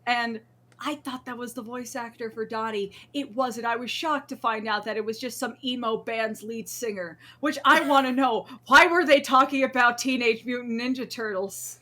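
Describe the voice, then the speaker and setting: A woman's voice: a little high, fairly even intonation, moderate pace, sharp tone. A woman hosting a podcast in casual chat, a jokey, self-deprecating storyteller. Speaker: podcast host.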